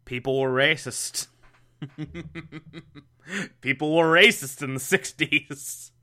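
Man, slightly high voice, unhurried sardonic recap delivery, bright tone. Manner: exasperated, mocking, breaks into laughter and shouts. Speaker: show recapper. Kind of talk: sarcastic episode recap.

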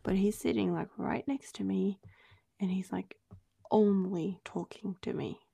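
Husky gravelly woman, casual storytelling. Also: mid-range voice, fairly even intonation, a little slow, mellow, no room sound. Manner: chatty, many "like"s, acts out quoted dialogue. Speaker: podcast co-host.

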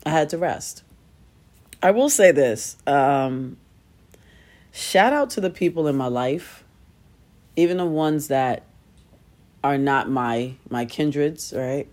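A woman's voice: low-pitched, lively intonation, takes it slowly, pauses often, a little mellow. A middle-aged woman hosting a podcast, talking casually and self-deprecatingly, laughing at herself and acting out quoted voices. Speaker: podcast host. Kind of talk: casual solo podcast storytelling.

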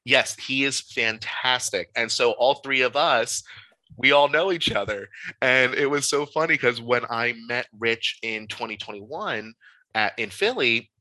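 A young man, a podcast guest, telling a candid, animated story in casual conversation with frequent fillers. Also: mid-range voice, unhurried, dry recording, rough recording.

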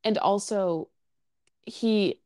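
A woman's voice: medium pitch, drawn-out words, dark tone, no room sound, studio quality. A woman co-hosting a podcast in casual chat, rambling with many fillers and restarts. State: has the hiccups. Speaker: podcast co-host.

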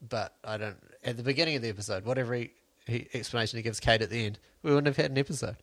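A man's voice: medium pitch, very fast, a bit bright, dry recording. A man with an ordinary mid-range voice co-hosts a casual podcast chat. He questions and pushes back with skeptical remarks. The sound is dry and close. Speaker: podcast co-host.

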